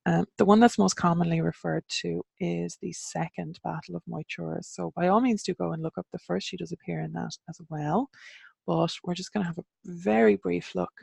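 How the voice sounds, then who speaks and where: An Irish woman teaching an online class, explaining carefully and pausing over how words are pronounced. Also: fairly low pitch, fairly even intonation, vocal fry, a little mellow, breathy edge, no echo. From Ireland.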